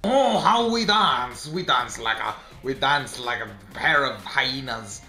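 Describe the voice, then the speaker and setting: Vain theatrical noble archer, mock-French, put on by a man, bright and roomy. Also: mid-range voice, animated, heavily acted. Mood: grandiose. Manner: grandiose, drawn-out, chuckling.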